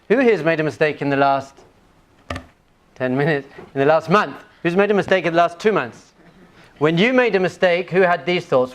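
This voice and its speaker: A man's voice: a little high, a little fast. A male rabbi teaching a class, telling humorous family stories and putting questions to his audience. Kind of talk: lecture with personal anecdotes.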